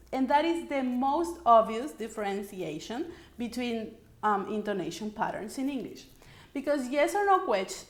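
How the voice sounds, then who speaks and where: A slow-speaking woman with a fairly high voice coaches English intonation. She explains patiently and models example sentences aloud. The room gives her voice a noticeable echo. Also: a bit bright. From Paraguay. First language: Spanish. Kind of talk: online language lesson.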